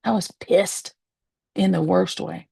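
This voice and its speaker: A woman, a medium and spiritualist, telling a personal story to the camera from her home, candid and emotional, pausing and laughing softly. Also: lowish voice, steady tone, vocal fry, slightly rough, no room sound. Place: at home, seated in a rocking chair.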